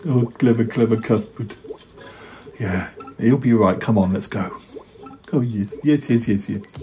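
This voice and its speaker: A man's voice: lowish voice, a little slow, warm tone, soft background music, rough recording. A man hosting a comedy podcast, talking hesitantly with many stammered restarts. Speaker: podcast host. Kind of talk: comic skit chat.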